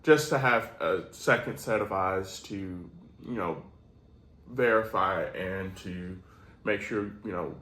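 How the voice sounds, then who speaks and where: A man's voice: low voice, slow, pushed and bright, roomy sound, poor audio. A man co-hosting a casual chat, talking in an easygoing, rambling way. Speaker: co-host.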